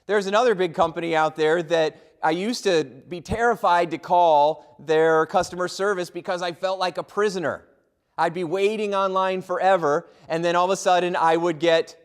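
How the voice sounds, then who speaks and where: A middle-aged man giving a humorous motivational keynote, telling lively stories and acting out the voices of people in them. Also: on the high side, moderate pace. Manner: lively, acts out quoted voices. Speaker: motivational speaker.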